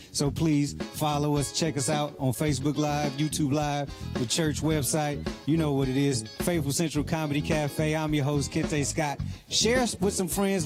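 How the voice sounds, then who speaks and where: Upbeat male host over music. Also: a little high. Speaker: show host. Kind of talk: closing announcement. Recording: clear music behind the voice.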